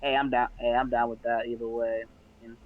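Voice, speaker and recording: A man's voice: mid-range voice, little pitch movement, fairly quick. Male panelist, eager casual chat, stammers, dull lo-fi mic.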